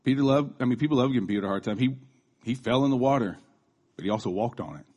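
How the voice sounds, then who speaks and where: A man's voice: mid-range voice, lively intonation, fast talker, a little mellow, husky, muffled recording. A man in his thirties giving a casual, conversational sermon, chatty, with restarts and asides. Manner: acts out quoted voices. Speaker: preacher.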